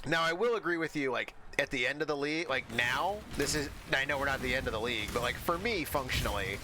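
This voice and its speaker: A man's voice: medium pitch, lively intonation, fast talker, sharp tone. Rambling man chatting over background noise. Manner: rambling, many fillers and restarts. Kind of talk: casual chat while gaming.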